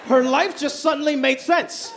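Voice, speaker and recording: A man performing a stand-up comedy routine on stage, animated and putting on voices for the people in his stories. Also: very high voice, normal speed, heavy background noise. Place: stage before a laughing audience. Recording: live show with crowd laughter.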